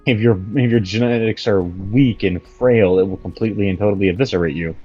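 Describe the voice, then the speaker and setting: A man's voice: lowish voice, fairly quick, slightly rough, highs cut off, faint music behind. A man playing a tabletop game, chatting loosely and jokily with plenty of swearing. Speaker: player. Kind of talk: casual tabletop game chat.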